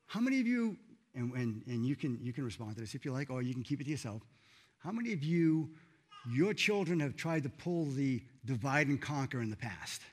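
A man preaching a sermon in a church, earnest and emphatic, rising loud then dropping soft. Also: mid-range voice, lively intonation, fairly quick. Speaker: pastor.

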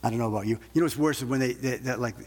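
A man's voice: mid-range voice, rapid-fire, a little mellow, husky, in a large hall. A man preaching a sermon in a conversational way, asking rhetorical questions and often restarting his sentences. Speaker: pastor.

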